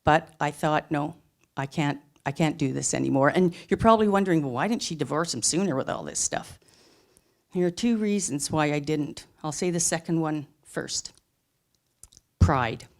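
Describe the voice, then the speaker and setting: A woman's voice: low-pitched, expressive, moderate pace. A middle-aged woman telling a personal story live on a theatre stage, earnest and emphatic. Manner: earnest, emphatic, plain-spoken.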